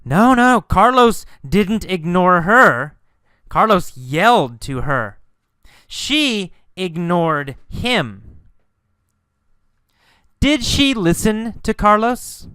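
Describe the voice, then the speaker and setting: A man teaching English through a mini story, asking and answering simple questions in a slow, deliberate way. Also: sits high, sing-song, bright, forceful tone, clear, resonant tone, dry recording, clean studio sound.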